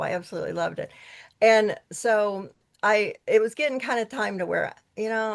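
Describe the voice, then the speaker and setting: Woman, podcast guest, gravelly fry, mid pitch, earnest, rambling storyteller. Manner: earnest, rambling, with frequent restarts. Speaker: podcast guest, tea leaf reader. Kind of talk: casual storytelling conversation.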